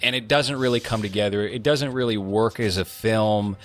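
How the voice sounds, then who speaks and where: A man in his thirties with a lowish voice talks through a movie review in casual podcast chat. He is measured and critical, and he strings his points together in long, unhurried run-on thoughts. His tone stays even as he builds each point. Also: soft background music.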